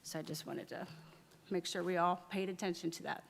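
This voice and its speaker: A woman's voice: fairly low pitch, steady tone, fairly quick, creaky, slight background noise. A woman council member giving a committee report at a city council meeting, reading from notes with frequent fillers. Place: council chamber. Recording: reverberant council chamber.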